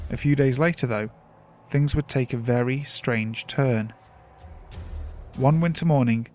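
A man reading submitted scary stories aloud in slow, measured scripted narration. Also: medium pitch. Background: faint music.

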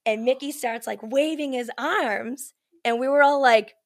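A woman with a somewhat high voice, telling a story as a guest in a casual podcast chat. She talks in an easy, rambling way, leans on "like" and "you know", and acts out what others said with lively quoted voices. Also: a little slow. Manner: chatty, heavy use of "like" and "you know"; animated, acts out quoted lines.

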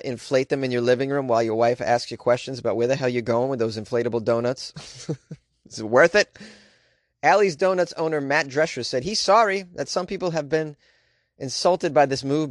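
A man's voice: mid-range voice, dry recording, studio quality. An American man hosting a weird news segment, reading stories and mocking them sarcastically, often laughing. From United States. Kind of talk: sarcastic comedic news commentary.

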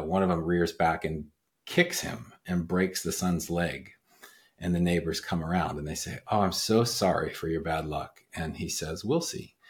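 A man with a very low, deep voice talks in a laid-back podcast conversation. He muses and tells stories in a rambling, reflective way, full of ums and pauses. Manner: reflective, rambling storyteller with many fillers. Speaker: podcast host. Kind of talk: casual conversation.

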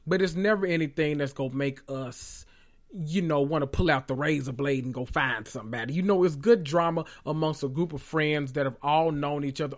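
A man hosting a podcast, recapping reality TV in a loud, profane, animated way with sudden high squeals. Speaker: podcast host.

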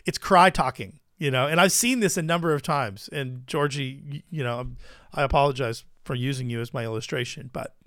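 A man hosting a casual commentary show, chatty and quick to laugh, often repeating words as he thinks. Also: medium pitch, a bit bright, no echo, studio quality. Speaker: host of a Christian commentary show.

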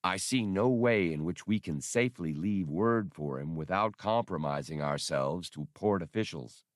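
A man doing a calm, polite droid. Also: low voice, normal speed, dry recording, clean studio sound, close to an everyday voice. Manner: calm, neutral tones. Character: calm, polite male robot servant.

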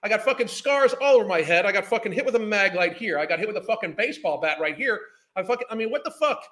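A man's voice: high voice, animated, fast talker, fairly bright tone. A man, ranting in a heated, profane, scornful way as a podcast host. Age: 50s. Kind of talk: ranting commentary.

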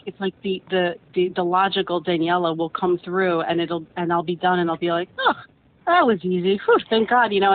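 Over a tinny, phone-like line with a faint rumble, a woman guest tells her own story casually. She rambles earnestly and often repeats words while gathering her thoughts.

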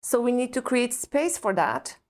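Earnest Eastern European woman, fairly high voice. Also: measured pace, creaky. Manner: earnest, reflective, asks herself rhetorical questions. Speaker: guest expert on parenting and trauma. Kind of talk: podcast conversation.

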